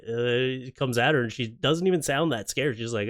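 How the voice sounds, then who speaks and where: A man's voice: medium pitch, normal speed, few pauses, fairly bright tone. A man hosting a clip-reaction show, ranting in a casual, sarcastic, jokey way. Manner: sarcastic, jokey rants with exaggerated acted quotes. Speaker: YouTube reaction host. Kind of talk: casual comedic commentary on clips.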